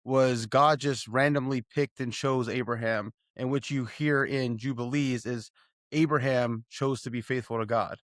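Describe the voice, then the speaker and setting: A man's voice: mid-range voice, steady tone, a little slow. A man co-hosting a casual faith discussion, probing his partner with pointed clarifying questions. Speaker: podcast co-host.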